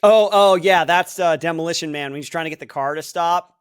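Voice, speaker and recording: A man's voice: fairly high pitch, brisk, clear, resonant tone, no echo, studio quality. A man co-hosting a podcast, guessing movie quotes, thinking aloud, hesitant, laughing easily. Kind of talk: casual podcast chat.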